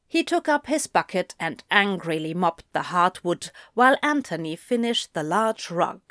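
A woman narrating a fan fiction story in an audiobook reading, in measured storytelling. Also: on the low side, fairly bright tone, no room sound, clean studio sound.

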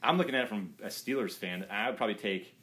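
A man's voice: lowish voice, fast, fairly bright tone. A man hosting a casual sports chat, quizzing his co-host in a jokey, rambling way.

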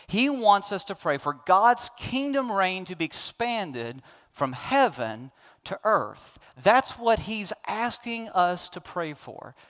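Pastor, male, young adult, high-pitched voice, emphatic sermon delivery. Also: a bit bright. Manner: emphatic preaching with rising, pleading questions.

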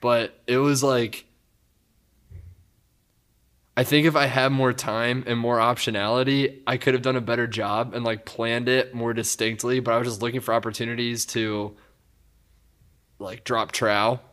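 A young man swaps stories in a relaxed podcast-style chat, his voice sitting at an ordinary middle pitch. He tells them animatedly and laughs often along the way. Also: moderate pace. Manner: animated, laughs a lot while telling stories. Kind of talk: casual chat, storytelling.

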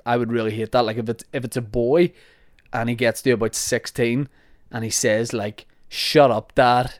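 A man's voice: mid-range voice, little pitch movement, normal speed, dry recording, studio quality. A young man with a Northern Irish accent, hosting a podcast and answering listener questions in a rambling, jokey, self-deprecating way. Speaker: podcast host.

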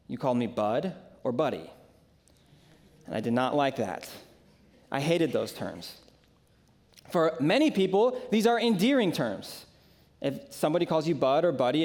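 Emphatic, slightly high-voiced male preacher. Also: a little mellow. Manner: dramatic, emphatic preaching with slow, deliberate phrases; retells scripture vividly and shares personal stories. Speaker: pastor. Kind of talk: sermon.

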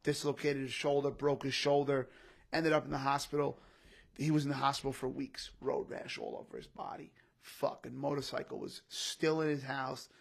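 A man's voice: medium pitch, little pitch movement, moderate pace, gravelly. A young man telling an emotional personal story in casual podcast chat, often saying "bro" and "literally". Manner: repeats himself, says "bro" and "literally" often. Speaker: podcast guest, comedian.

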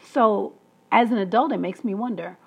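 Husky woman telling a personal story. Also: medium pitch, moderate pace. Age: adult, past school age. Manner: emphatic, storytelling, laughs between points. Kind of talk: personal monologue.

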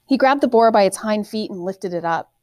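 A woman narrating a fantasy novel in a steady, measured storytelling manner. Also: mid-range voice, dry recording. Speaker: audiobook narrator.

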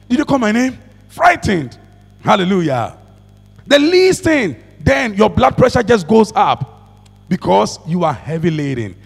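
Gravelly high-voiced preacher in a hall. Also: male voice. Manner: preaching with call-and-response and frequent hallelujahs. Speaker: pastor. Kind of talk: sermon. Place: church.

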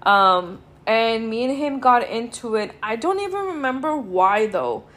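A young woman tells a story on her podcast in a loose, casual way. Her talk is full of swearing and filler words, and she sounds worn out and unhurried. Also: on the high side, animated, a bit bright. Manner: sweary, laid-back, drawn-out and tired. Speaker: podcast host.

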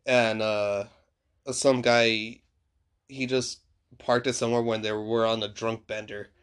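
A man's voice: on the low side, flat delivery, unhurried, a bit bright, smooth. A man chatting casually, retelling a story with lots of fillers and restarts. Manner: rambling, filler-heavy storytelling. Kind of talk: casual chat.

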